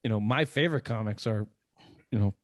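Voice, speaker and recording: A man's voice: fairly low pitch, fairly quick, no echo, studio quality. A man hosting a sports podcast, asking loose, profane questions in casual chat. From Boston area.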